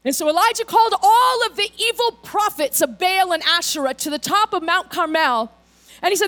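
A woman pastor with a very high voice delivers a sermon. She tells the story casually and with animation, slipping into the characters' lines as she goes. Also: animated, fairly quick, sharp tone.

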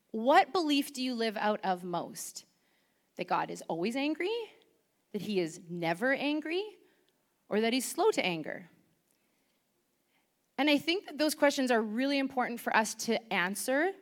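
A woman preaching a chatty, animated sermon, asking the congregation questions into a microphone. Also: a little high.

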